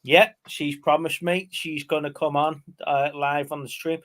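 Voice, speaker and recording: A man's voice: fairly high pitch, level tone, a little slow, fairly bright tone. A man, co-hosting a live stream in casual, rambling chat full of fillers and stories. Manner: chatty, rambling storyteller with frequent fillers. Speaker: co-host of a movie live stream.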